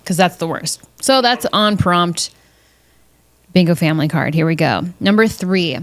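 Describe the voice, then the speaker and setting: Woman podcast host, lower voice, casual monologue, profane and jokey, mimics relatives with squeaky put-on voices. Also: animated, unhurried. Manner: blunt, profane, jokey, mimics family members in high voices.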